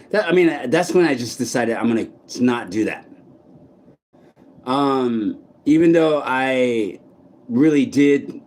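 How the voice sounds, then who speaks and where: A man vlogging outdoors in a park, speaking in a blunt, halting monologue full of restarts and swearing. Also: medium pitch, a little mellow. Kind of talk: candid personal monologue.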